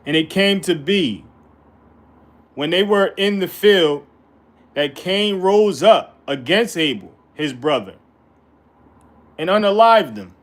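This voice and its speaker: A man's voice: high voice, animated, slow, long pauses. A man teaching the Bible in an informal way, reading verses aloud and breaking in with colloquial, emphatic commentary.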